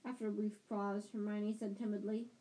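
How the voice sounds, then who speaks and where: A woman's voice: mid-range voice, flat delivery, moderate pace, warm tone. A woman reading a book aloud as an amateur reader, often stumbling and correcting herself. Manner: reads with frequent restarts and self-corrections. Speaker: audiobook reader.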